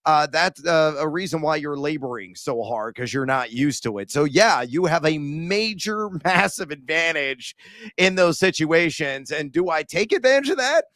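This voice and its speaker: A Central Illinois man hosts a sports betting talk show, his voice on the high side and fairly bright with lively intonation at a normal speed. He chats casually and rambles, cracking jokes and filling gaps with lots of "uh." There's no room sound on the recording.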